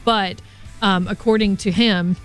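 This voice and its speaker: A woman's voice: medium pitch, fairly even intonation, soft background music. A woman co-hosting a morning radio show, passing on a traffic update in loose, chatty banter. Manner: chatty, loose, quick to laugh.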